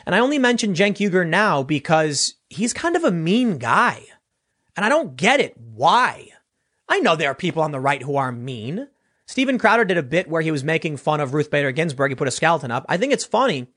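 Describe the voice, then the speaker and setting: Animated male political commentator. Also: fairly high pitch, brisk. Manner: animated, rambling, with repeated restarts.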